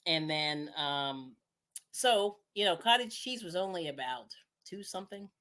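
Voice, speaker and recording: Woman, cooking show host, low voice, very lively pitch, chatty, laughs a lot. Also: unhurried. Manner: chatty, laughs often, trails off and restarts. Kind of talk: casual live-stream cooking chat.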